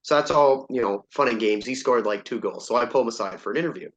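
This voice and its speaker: A man's voice: mid-range voice, fast. Male podcast host, easygoing and rambling, muffled lo-fi recording. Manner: laid-back, rambling, self-deprecating. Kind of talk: casual podcast chat. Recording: dull lo-fi sound.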